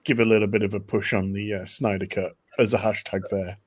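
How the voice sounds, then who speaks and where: A man's voice: lowish voice, little pitch movement, brisk, husky. A man co-hosting a casual podcast chat, interjecting with short points. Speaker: podcast co-host.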